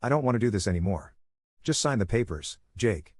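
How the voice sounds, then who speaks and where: A man reading the lines of a weary wife in a scripted story, speaking in a quiet, restrained way. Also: lowish voice, animated, brisk, breathy edge, no room sound, clean studio sound. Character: weary wife ending her marriage, grown woman.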